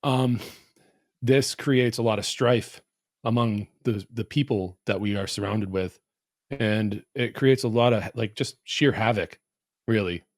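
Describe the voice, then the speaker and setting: A man's voice: fairly low pitch, measured pace, no room sound, clean studio sound. A man in a podcast roundtable, talking in an earnest, reflective and philosophical way. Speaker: podcast guest. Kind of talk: casual roundtable chat.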